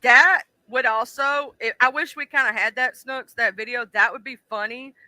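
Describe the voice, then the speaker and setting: A woman hosting a casual livestream and chatting with her viewers, blunt and animated, exclaiming loudly whenever something disgusts her. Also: a little high, normal speed, no room sound. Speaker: livestream host.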